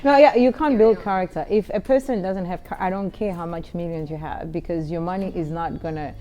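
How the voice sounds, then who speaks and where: A middle-aged woman on a talk show, chatting casually and telling an animated story, acting out quoted voices. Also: brisk. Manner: animated storyteller, acts out quotes with big pitch jumps.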